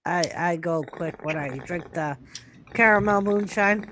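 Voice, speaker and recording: A woman's voice: lowish voice, a little slow, a bit bright, slight background noise. A woman with a Rhode Island accent chatting casually with friends on a stream, laughing often. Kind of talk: casual chat.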